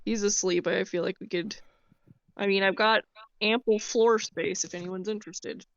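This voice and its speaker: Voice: mid-range voice, steady tone, normal speed, fairly bright tone, no room sound, muffled recording. A player talking in a laid-back, offhand way during a casual tabletop role-play over a voice call.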